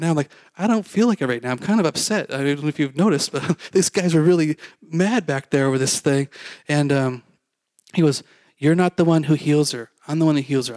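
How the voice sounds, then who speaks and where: Middle-aged man, pastor, casual storytelling sermon, slightly high voice, dry close sound. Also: darkish tone, no echo. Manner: casual, self-deprecating, acts out quoted dialogue.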